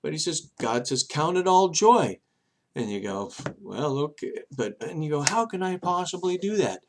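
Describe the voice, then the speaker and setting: Rambling man hosting a faith talk show. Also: a little hiss or hum. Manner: rambling, halting, many restarts and fillers; swings between soft low asides and loud emphatic bursts. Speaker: show host. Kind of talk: casual religious monologue.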